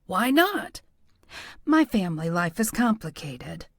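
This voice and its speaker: A woman voicing an older male police chief, folksy, probing, lively pitch, dry close audio. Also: slow, dry recording, heavily acted. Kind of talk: audiobook character voice.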